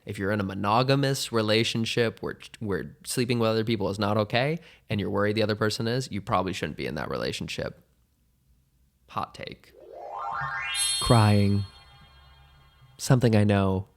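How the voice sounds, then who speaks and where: A man hosting a podcast, answering listener questions in a candid, rambling, self-mocking way. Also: fairly low pitch. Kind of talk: casual advice chat.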